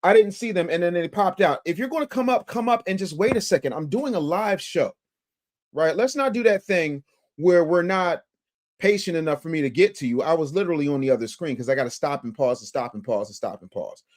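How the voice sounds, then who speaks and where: A man's voice: on the high side, lively intonation, fairly quick. A man hosting a live stream, reacting to a clip and reading viewer super chats aloud with energy. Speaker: livestream host.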